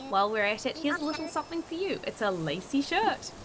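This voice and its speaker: A woman's voice: high voice, sing-song, fast, a crowd in the background, voice pushed up. A woman voicing a friendly female animal villager with green fur, sweet and affectionate.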